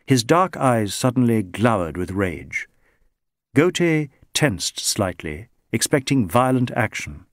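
A man reading a novel aloud as narrator, in measured, expressive storytelling. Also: medium pitch, no room sound, clean studio sound. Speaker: audiobook narrator. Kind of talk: scripted narration.

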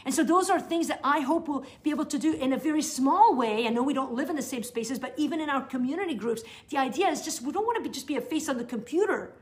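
A woman's voice: sits high, fast, few pauses. Earnest woman teaching new believers. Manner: earnest, conversational, with frequent restarts. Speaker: Bible teacher.

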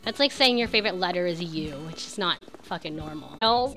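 A young woman streaming a video game, chatty and sarcastic, jumping between loud outbursts and low mutters. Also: animated, fairly quick, soft background music.

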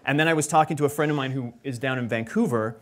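A man's voice: mid-range voice, quick pace. A man, a playwright guest, chatting casually in an interview, rambling with lots of filler words and frequent laughs.

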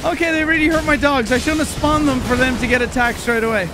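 A young man streaming a video game, panicking, shouting and swearing at his chat as he plays. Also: very high-pitched, fast talker. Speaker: gaming streamer. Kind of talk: live gameplay commentary.

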